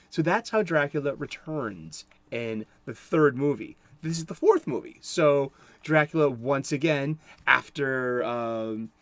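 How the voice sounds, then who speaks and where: A man's voice: on the high side, dry recording. Give me a man chatting loosely about old horror films, chuckling and restarting often, in a dry room. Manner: rambling, chuckling, many restarts. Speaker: horror movie reviewer. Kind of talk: casual movie commentary.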